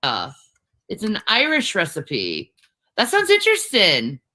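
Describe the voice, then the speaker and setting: A woman's voice: medium pitch, huge pitch swings, a little slow, bright, forceful tone. A woman casually chatting to her livestream viewers while cooking.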